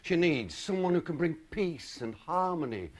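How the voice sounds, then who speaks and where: A man's voice: on the high side, sing-song, moderate pace. A middle-aged man playing a scheming, cheeky restaurant owner in a sitcom, teasing and wheedling. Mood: sly. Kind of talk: sitcom acting.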